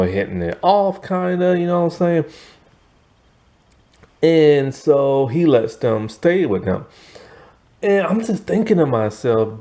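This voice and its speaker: A man's voice: medium pitch, warm tone. A man giving a casual, rambling TV review, tired and yawning, full of asides and fillers. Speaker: TV show reviewer.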